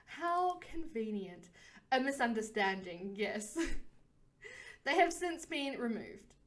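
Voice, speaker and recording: A woman's voice: fairly high pitch, big pitch swings, takes it slowly. A woman voicing a curt man behind an office desk in a game, speaking dryly and matter-of-factly.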